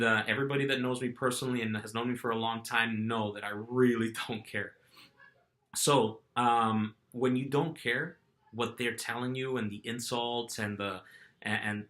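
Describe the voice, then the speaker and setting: A middle-aged man talks straight to his viewers in a casual, storytelling vlog. His tone is bright and forceful at an ordinary pitch. He keeps the telling animated, restarting phrases and jumping into quoted voices. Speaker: vlogger.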